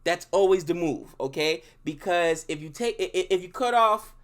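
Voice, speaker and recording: A man with a notably high voice, talking in an excitable, animated way. He laughs easily while chatting about a show with a co-host. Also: moderate pace. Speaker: co-host reviewing a series. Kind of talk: casual review chat.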